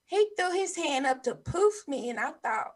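A middle-aged woman in casual chat, telling expressive stories and often breaking into laughter. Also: sits high, normal speed.

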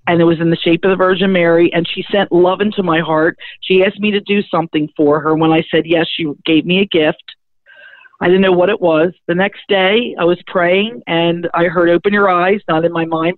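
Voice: medium pitch, no room sound. Chatty medium over a tinny line. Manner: chatty, animated, acts out quoted voices. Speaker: spiritual medium. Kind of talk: personal storytelling. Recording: tinny phone-like dry sound.

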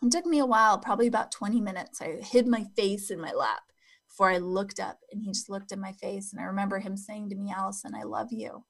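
A middle-aged woman sharing a personal story with her audience as a self-development coach. Her voice sits at an ordinary pitch for a woman. She speaks earnestly and from the heart, easing into slow, hushed phrasing at the tender moments. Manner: earnest and heartfelt, slowing down and going soft and quiet at tender moments.

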